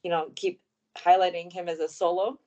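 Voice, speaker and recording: Low-voiced woman musing on wrestling. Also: flat delivery, a little fast, warm tone. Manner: thinks aloud with hesitant fillers. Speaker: podcast co-host. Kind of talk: casual wrestling news chat.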